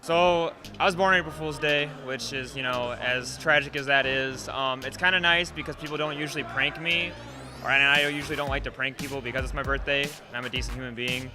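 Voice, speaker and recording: A man's voice: mid-range voice, fairly even intonation, a little fast, over music. A young man student telling a casual, self-deprecating anecdote. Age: young adult. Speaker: student interviewee.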